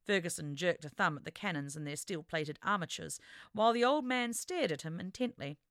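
A woman reading an adventure story aloud as narrator, with expressive, dramatic storytelling. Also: on the low side, fairly quick, no room sound, clean studio sound. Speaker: audiobook narrator. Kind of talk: scripted narration.

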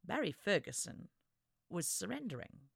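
A woman reading an adventure story aloud as narrator, with expressive, dramatic storytelling. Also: fairly low pitch, normal speed, gravelly, slightly rough, no room sound, studio quality. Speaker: audiobook narrator. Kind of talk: scripted narration.

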